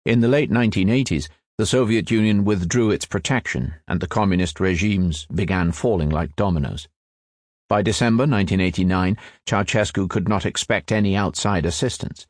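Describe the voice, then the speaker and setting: A man reading nonfiction as an audiobook narrator, in a measured, even storytelling delivery. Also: on the low side, no echo, clean studio sound.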